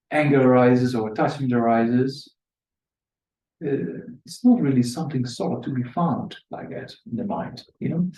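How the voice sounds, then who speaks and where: A man giving a conversational Buddhist dharma talk to an audience, laughing often and acting out quotes in a higher voice. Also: warm tone. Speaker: Buddhist teacher. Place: meditation centre hall. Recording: echoey room, distant mic.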